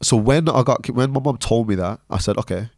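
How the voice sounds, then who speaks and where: A young man from Birmingham, a podcast guest telling a personal story in an animated way that often checks in with the listener. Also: mid-range voice, a little fast, creaky, no room sound, clean studio sound. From Birmingham, England. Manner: animated storyteller, often tags lines with "right?".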